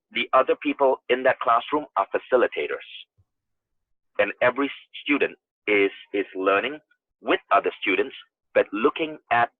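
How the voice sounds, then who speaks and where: A man's voice: lowish voice, dry recording. A man from Malaysia, a podcast guest, talking emphatically in a casual interview and telling stories while he restarts his phrases. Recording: tinny phone-line audio.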